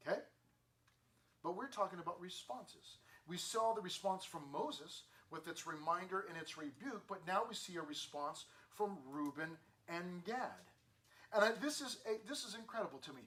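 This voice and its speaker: A man preaching a youth sermon on a scripture passage, animated and playful, acting out everyday scenes for teens. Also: high-pitched, normal speed, slight background noise. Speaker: youth pastor.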